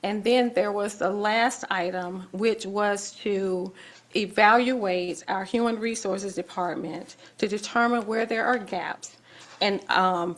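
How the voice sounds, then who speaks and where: A woman city commissioner speaking deliberately at a public meeting, reading out items and making a formal motion. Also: mid-range voice. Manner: measured, deliberate, reads out items.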